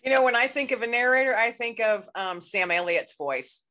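A woman's voice: a little high, lively intonation, moderate pace, bright, forceful tone. A woman hosting a podcast interview, talking in a chatty, rambling way with many "you know"s. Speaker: podcast host. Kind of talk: casual conversational interview.

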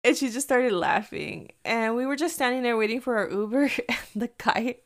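A woman's voice: a little high, normal speed. A young adult woman telling a story to her viewers in a casual vlog. She is chatty, says "like" constantly, swears freely and laughs often as she talks. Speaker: vlogger.

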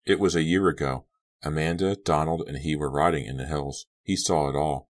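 A man reads an audiobook in a steady, clipped way. His voice sits very deep. It is scripted storytelling narration. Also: normal speed.

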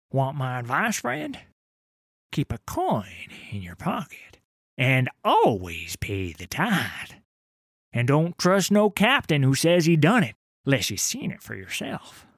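An actor playing a grizzled, boastful old sailor telling a tale in a tavern, in rough dockside dialect that drops to whispers and rises to roars. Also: male voice, fairly high pitch, dry recording, clean studio sound, exaggerated voice. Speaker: tavern storyteller. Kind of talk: dramatic audio story narration.

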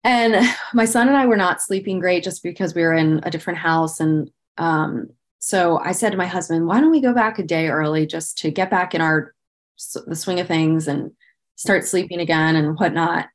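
A woman's voice: lowish voice, normal speed. A woman in her thirties, a podcast guest, telling a personal story candidly and earnestly, with frequent "like" fillers and a strong sense of emotion. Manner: speaks about painful memories with visible emotion.

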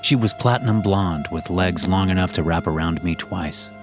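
A man narrating a first-person story in a measured, dramatic way. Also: deep voice. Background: background music.

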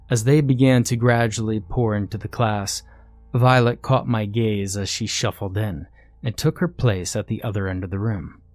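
Man, horror story narrator, scripted, tense and measured, lowish voice, faint background music. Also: darkish tone, no echo.

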